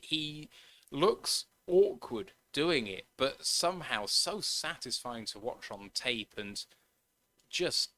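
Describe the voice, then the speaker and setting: A man's voice: mid-range voice, bright, forceful tone, dry recording. A man co-hosting a sports podcast, casually running through a player's numbers and laughing at his own slips. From United Kingdom. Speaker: podcast co-host.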